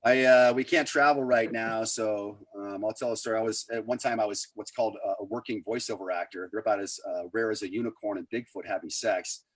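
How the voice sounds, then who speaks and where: A man's voice: on the low side, steady tone, brisk, few pauses, fairly bright tone, no room sound. A middle-aged man doing rambling, self-deprecating stand-up over a video call, full of fillers. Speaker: stand-up comedian.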